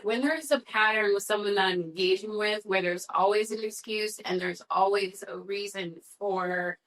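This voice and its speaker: A woman's voice: medium pitch, normal speed, fairly bright tone, low-quality recording. Firm, earnest woman co-hosting a podcast. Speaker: podcast co-host. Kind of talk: casual conversation.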